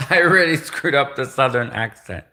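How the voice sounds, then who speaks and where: A man's voice: medium pitch, animated, moderate pace, bright, forceful tone. A Canadian man hosting a casual livestream, rambling and hesitant, laughing at his own jokes. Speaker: livestream host.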